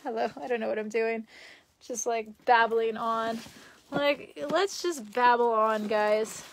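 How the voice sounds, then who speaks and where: A young woman with a high voice rambles through a casual live stream. She chats loosely and reads viewer comments aloud from a room in her parents' house. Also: fairly even intonation, measured pace, slight background noise.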